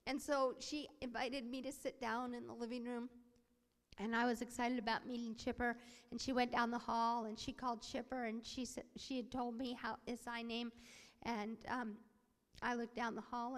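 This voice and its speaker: A woman voicing a sermon as interpreter, telling a story with animated acted-out voices. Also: fairly high pitch, moderate pace. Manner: animated, acts out quoted voices. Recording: long hall reverb.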